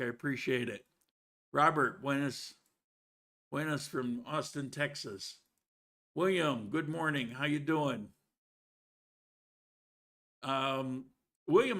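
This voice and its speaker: A man's voice: a little high, vocal fry, a bit bright. A man hosting a live stream, greeting viewers by name and chatting casually with frequent restarts. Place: living in Colombia.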